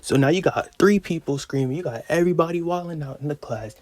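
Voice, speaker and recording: A young man in his late teens telling a story in a vlog, animated, slangy and heavy on profanity. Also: on the high side, fast, dry recording. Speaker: vlogger.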